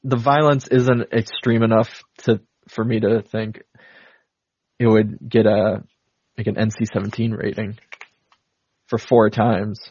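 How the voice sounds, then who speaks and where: Husky-voiced man recapping a movie. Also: fairly low pitch, flat delivery, measured pace, long pauses, darkish tone, no room sound, muffled recording. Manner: rambling, many fillers and laughs. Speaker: podcast co-host. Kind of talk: casual movie recap chat.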